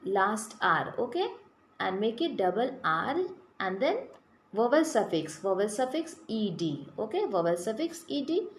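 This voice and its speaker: A woman's voice: mid-range voice, big pitch swings, a little slow. A woman teaching a grammar lesson to children, spelling words out letter by letter and asking the class questions. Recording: echoey room with faint background noise.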